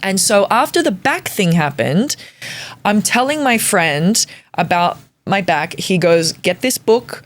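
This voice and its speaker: A woman in her forties, a comedian guest on a podcast, telling a story in an animated, comic way with casual swearing. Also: mid-range voice, unhurried. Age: 40s.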